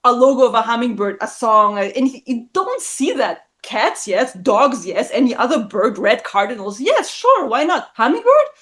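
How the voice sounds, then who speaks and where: A woman in her thirties telling a personal story in casual conversation, blunt and animated, swearing often and acting out the people she quotes. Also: moderate pace, hardly any pauses. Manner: acts out quoted voices with big pitch jumps. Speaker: guest. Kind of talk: casual chat.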